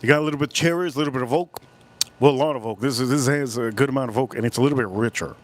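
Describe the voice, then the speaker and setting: Rambling Miami-accented man. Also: medium pitch. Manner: rambling, drawn-out words. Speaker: live-stream host. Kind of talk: casual live-stream chat. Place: cold room at home.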